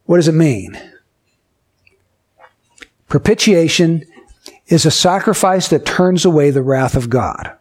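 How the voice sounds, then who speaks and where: A man preaching a sermon, explaining doctrine with everyday stories and slowing down to stress key phrases. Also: on the high side, animated, slightly rough.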